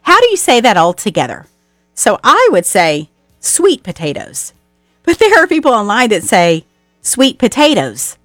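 Woman, casual radio chat, playful, lively rise and fall, dry close sound. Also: a little high, moderate pace, no room sound, soft background music.

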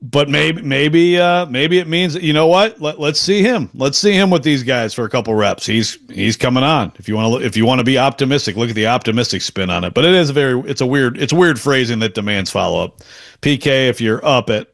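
A man's voice: mid-range voice, expressive, fairly quick, gravelly, a bit bright. Chatty male sports podcast co-host. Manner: rambling, self-interrupting, chuckles often. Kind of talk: casual sports talk.

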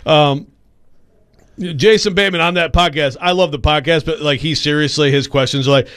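A man's voice: on the high side, moderate pace, a bit bright. A man co-hosting sports radio in casual banter, rambling and joking, often cutting himself off mid-sentence. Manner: rambling, self-interrupting, joking.

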